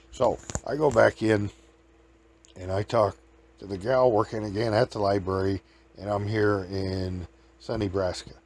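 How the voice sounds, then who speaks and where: A man's voice: on the low side, darkish tone, a little hiss or hum. A man hosting a show, telling folksy, rambling comic stories and laughing at his own tales. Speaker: host.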